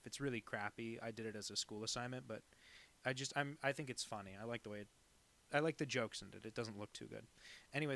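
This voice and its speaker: A man's voice: medium pitch, fairly bright tone. A man chatting casually on a live stream while drawing, rambling and self-deprecating with lots of asides. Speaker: cartoonist streaming a drawing session.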